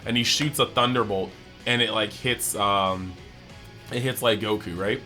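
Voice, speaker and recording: A man hosting an anime review channel, chatting casually through an episode breakdown and acting out the characters' lines in quick bits. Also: fairly low pitch, pushed and bright, faint music behind. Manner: chatty, heavy use of "like".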